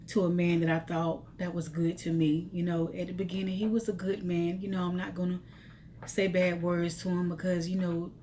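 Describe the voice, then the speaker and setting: A woman's voice: fairly low pitch, dark tone, a little hiss or hum. Emotional woman testifying in a storytime vlog. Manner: testifying, repetitive, speaks directly to viewers. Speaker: vlogger telling her life story.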